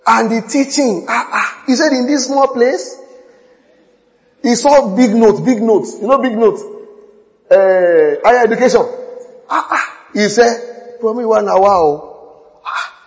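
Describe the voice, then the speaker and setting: A man preaching a sermon, telling stories with quoted dialogue and building to shouts. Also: very high voice, unhurried, long pauses. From Nigeria. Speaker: pastor. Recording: long hall reverb.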